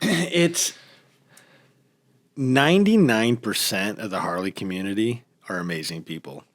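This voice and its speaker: Casting note: middle-aged American man, low-voiced and lively storyteller, dry close sound. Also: a little slow, dry recording. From United States. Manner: animated, mimics other people's voices in his stories. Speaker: podcast guest. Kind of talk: casual storytelling chat.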